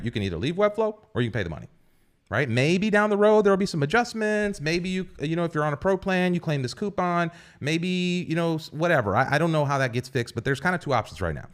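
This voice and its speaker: A man co-hosting a livestream podcast, talking casually and reading viewer comments aloud, often adding "right?" and "you know". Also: medium pitch. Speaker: podcast co-host.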